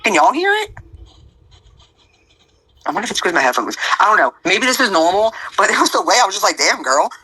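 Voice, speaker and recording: A man's voice: high-pitched, big pitch swings, fast talker, pauses often, bright, forceful tone, husky, low-quality recording. A man giving rambling, blunt, profane casual commentary to an online audience.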